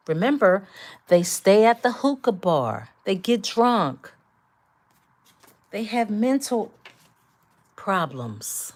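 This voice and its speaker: A woman doing a collective tarot reading, speaking emphatically and repetitively straight to her viewers. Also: medium pitch. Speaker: tarot reader.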